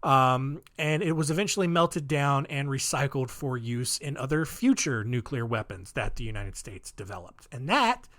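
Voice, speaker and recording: A man's voice: mid-range voice, expressive, normal speed, few pauses, fairly bright tone. A man hosting a solo podcast, telling stories in a rambling, offhand way full of ums and wry asides. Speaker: podcast host. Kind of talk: casual solo podcast storytelling.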